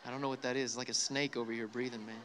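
A young man giving a retreat sermon, joking with the crowd and leading soft breathing prompts. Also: medium pitch, level tone, very fast, slight background noise. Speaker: youth speaker. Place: large hall with live audience. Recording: long hall reverb.

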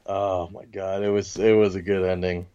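Low-voiced young man, dry dull recording. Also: flat delivery, normal speed, dark tone, smooth, no echo. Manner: teasing, profane banter. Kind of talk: casual chat about TV and comics.

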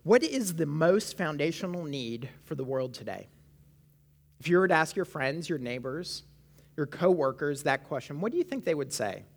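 A woman's voice: sits low, expressive, moderate pace, a little mellow. Woman preaching a conversational sermon. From Canada. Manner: conversational, frequent "right?" asides to the congregation. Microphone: amplified microphone.

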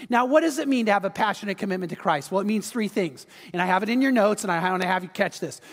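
A man preaches a sermon in a high, bright-pitched voice, acting out the people in his story and calling on his listeners. His voice carries a long reverb from the church hall around him. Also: fast talker. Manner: animated storytelling, acts out quotes, urges the audience. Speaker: pastor.

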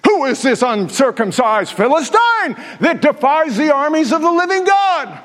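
A man's voice: very high-pitched, sing-song, normal speed, a bit bright, voice pushed up, heavily acted. A man voicing a bold, defiant young shepherd boy, declaiming, with a long hall reverb.

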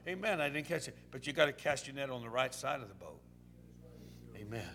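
A man's voice: medium pitch, animated, a little fast, fairly bright tone. A male pastor preaching a sermon in a folksy, repetitive storytelling way, dropping in "amen"s.

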